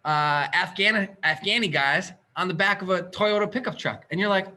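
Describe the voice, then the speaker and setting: A man with a high-pitched voice, acting as a podcast host, tells a story in casual chat, animatedly acting out the dialogue and tossing in quick asides.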